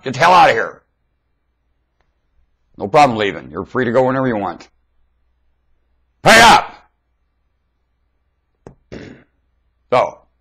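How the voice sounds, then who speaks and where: A man talking into a webcam in a rambling, blunt monologue, swinging between loud emphatic outbursts and low mutters. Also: husky. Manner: blunt, confrontational. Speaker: webcam video maker. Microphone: webcam microphone.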